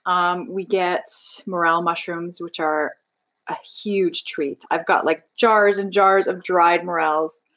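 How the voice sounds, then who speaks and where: This woman's voice is fairly low and a bit bright, with fairly even intonation and a slow pace, captured on a rough recording. She's a young livestream host from Canada, bubbly and rambling as she chats casually and reads out viewer comments.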